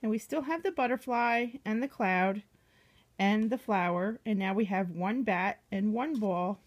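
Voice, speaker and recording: A woman reading a picture book aloud to a young child, gently asking the child questions as she goes. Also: medium pitch, unhurried.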